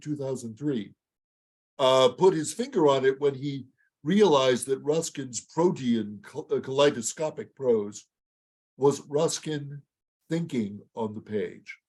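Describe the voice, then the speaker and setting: A man with a raspy, congested voice from allergies, delivering a measured prepared lecture. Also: mid-range voice, darkish tone. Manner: measured, reads quotations aloud.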